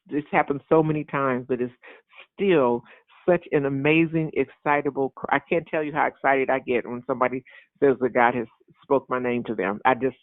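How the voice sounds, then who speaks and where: A man preaching an informal sermon in an animated, repetitive way, often acting out excited voices. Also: medium pitch, dry recording. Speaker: pastor. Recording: tinny phone-like sound.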